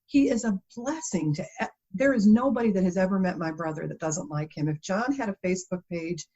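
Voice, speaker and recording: Female guest, animated storyteller, lower-pitched, lo-fi interview recording. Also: brisk. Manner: animated storytelling, laughs often. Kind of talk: conversational interview. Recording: dull lo-fi interview audio.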